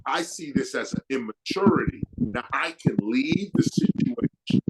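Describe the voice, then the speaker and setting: A man's voice: mid-range voice, lively intonation, a little slow, heavy background noise. A man giving a live motivational talk to a crowd. He speaks in an emphatic, preacherly way, uses slang and acts out the people he quotes. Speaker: guest speaker.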